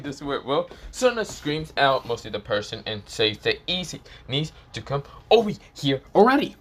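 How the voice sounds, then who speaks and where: A young man narrating an improvised fan story off the cuff, rambling and casual, swearing freely. His voice is bright and clear, and he keeps circling back on the same filler phrases. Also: mid-range voice, animated, brisk, few pauses. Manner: rambling, casual, swears, repeats "this is where, well".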